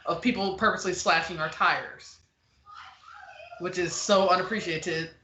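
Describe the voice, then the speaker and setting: Blunt, animated woman podcast host. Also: fairly low pitch, normal speed, a little hiss or hum. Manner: animated, blunt, acts out quoted people. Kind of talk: casual opinionated chat. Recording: echoey, dull lo-fi room.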